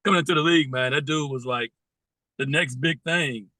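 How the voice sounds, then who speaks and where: A man's voice: medium pitch, brisk, bright, forceful tone, dry recording, rough recording. A man in casual sports chat, speaking steadily and plainly, often ending lines with "man". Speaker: podcast co-host.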